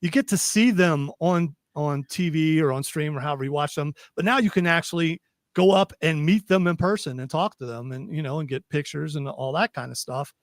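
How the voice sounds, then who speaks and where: A man's voice: fairly high pitch, a little fast, no room sound. Chatty male radio host, dry studio sound. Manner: chatty, rambling, with many restarts. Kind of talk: casual radio talk.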